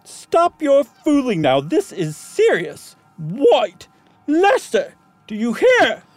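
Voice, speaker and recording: Guy doing a scared man shouting in a ghost story, way high and frantic, dry close sound. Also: wildly swooping pitch, slow, no echo, soft background music, full character voice. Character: panicked man shouting at sleeping friends.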